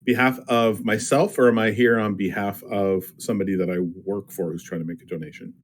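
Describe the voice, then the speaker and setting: A man's voice: on the low side, fairly even intonation, brisk, slight background noise. A man playing a tabletop game, playful and boastful, talking in and out of character. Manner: playful, boastful, many fillers. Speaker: player.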